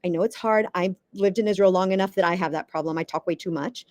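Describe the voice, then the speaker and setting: A woman from the US East Coast, a communication coach giving advice as an interview guest in a lively, emphatic way, sometimes stammering as she restarts. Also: lowish voice, fast talker, no echo, clean studio sound. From United States East Coast.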